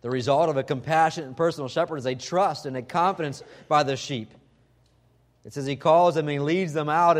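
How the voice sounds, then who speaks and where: A male preacher delivering a sermon in a fairly high voice. He builds to loud, emphatic stretches, then drops to quiet, personal appeals to the listener. He restarts phrases often and repeats words as he goes. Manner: swings from loud emphatic passages to hushed, intimate appeals.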